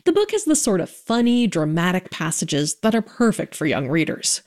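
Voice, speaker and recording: A woman's voice: lowish voice, sing-song, normal speed, a little mellow. A woman reporting a radio news feature with a storytelling delivery.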